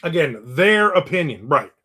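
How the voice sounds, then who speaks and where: A man's voice: a little high, sing-song, moderate pace, bright, forceful tone. A man in his fifties who hosts a livestream, chatting casually and sarcastically while answering viewer comments, often laughing. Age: 50s. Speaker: livestream host.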